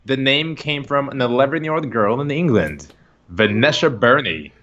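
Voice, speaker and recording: A man hosting a casual podcast chat, rambling and excitable, often laughing. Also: mid-range voice, normal speed, a crowd in the background. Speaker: podcast host. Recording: dull lo-fi stream recording.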